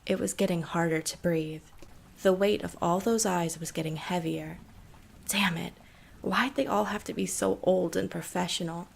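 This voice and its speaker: A woman narrating a scripted horror story in a steady, measured way. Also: on the low side, vocal fry, slight background noise.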